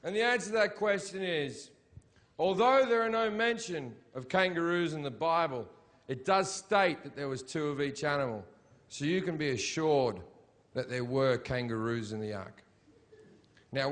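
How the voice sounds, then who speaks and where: Man, stand-up comedian, middle-aged, crude and mocking, high-pitched voice, live stage. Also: animated, moderate pace, a bit bright. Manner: profane, blunt and mocking.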